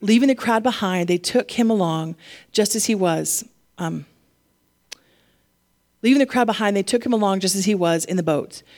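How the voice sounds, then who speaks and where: A woman pastor preaching a sermon, animated and laughing often, getting emotional at times. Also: medium pitch, normal speed, long pauses.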